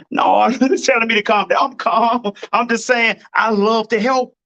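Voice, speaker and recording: A man's voice: extremely high pitch, vocal fry, sharp tone, lo-fi sound. A man hosting a live-stream advice talk, blunt and preachy, hammering his points by repeating them. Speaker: dating advice host.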